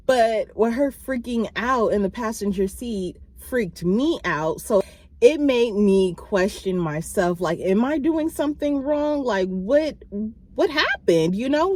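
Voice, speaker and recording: A woman vlogger telling a personal story to camera in a casual, animated way, acting out quoted exchanges. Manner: animated, acts out quoted exchanges with big pitch jumps; many fillers and restarts, talks to viewers directly.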